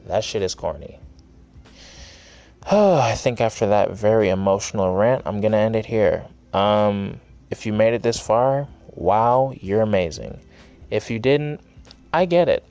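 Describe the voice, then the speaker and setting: Young man, solo podcast host, heated swearing rant, somewhat low voice. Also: darkish tone, dull audio. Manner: angry, profane, ranting.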